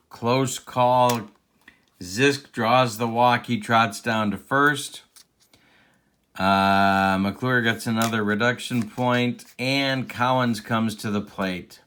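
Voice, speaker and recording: A man's voice: medium pitch, fairly even intonation, takes it slowly, sharp tone. A man doing play-by-play commentary of a tabletop baseball game replay, with an announcer cadence and open rooting for his team. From Central Illinois.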